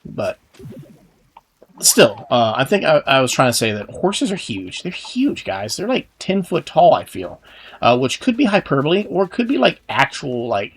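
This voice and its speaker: A man's voice: mid-range voice, wildly swooping pitch, moderate pace, husky. A young man from Texas with a Texan accent, casually commenting on a game in a rambling, chatty way full of filler words. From Texas, USA. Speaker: gaming channel host.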